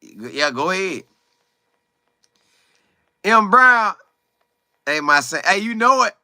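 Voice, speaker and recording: A man hosting a casual football livestream, greeting viewers by name and talking in animated, quick bursts. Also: high voice, no echo. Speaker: livestream host. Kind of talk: casual live chat about football.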